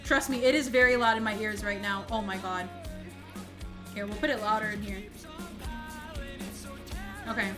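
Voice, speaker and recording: A woman live streamer chatting casually, singing along to songs and breaking into loud excited outbursts. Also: medium pitch, normal speed, pauses often. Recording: loud music over the voice. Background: loud pop music playing.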